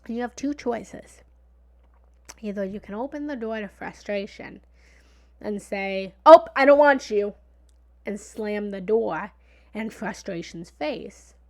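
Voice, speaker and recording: Animated woman giving a motivational talk. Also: mid-range voice, slow. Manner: animated and conversational, drops into whispers for emphasis; repetitive, playful analogies. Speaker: motivational speaker.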